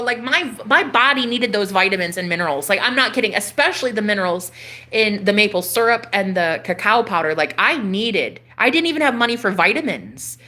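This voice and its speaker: A woman in her thirties, a spiritual coach, telling a personal story to her viewers in an animated, casual way, swearing freely. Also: a little high. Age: 30s.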